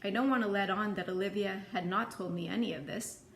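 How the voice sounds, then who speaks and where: A woman reading a novel aloud in plain, even storytelling. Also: medium pitch, a little fast, gravelly, reverberant, a little hiss or hum. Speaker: audiobook reader.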